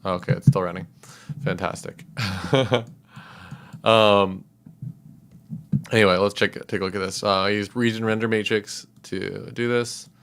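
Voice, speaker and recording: A man's voice: on the low side, level tone, normal speed, vocal fry, a bit bright, smooth. A man livestreaming as a composer, talking casually and rambling with many fillers and chuckles.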